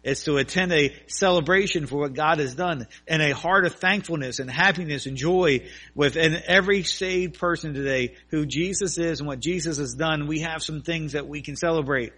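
A man's voice: fairly high pitch, normal speed, bright, forceful tone. A male pastor preaching a sermon, telling an illustration with earnest, at times fervent emphasis.

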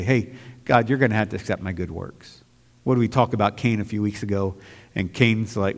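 A man preaching a sermon as pastor to his church, moving from quiet, reflective talk to loud, fervent outbursts. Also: lowish voice, gravelly, long reverb tail.

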